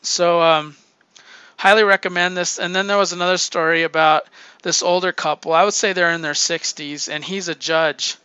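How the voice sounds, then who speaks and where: High, bright-voiced man telling stories with a dull, dry sound. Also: fairly even intonation, normal speed, clean tone, no room sound. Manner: profane, laughing storyteller. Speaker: podcast host reviewing comics. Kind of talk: casual comic book review.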